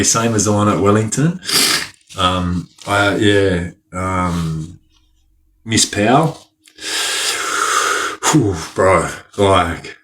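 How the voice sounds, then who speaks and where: A man, telling stories as a podcast guest in a rambling, slang-filled way that is broken up by frequent laughs. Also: fairly low pitch. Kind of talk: casual storytelling.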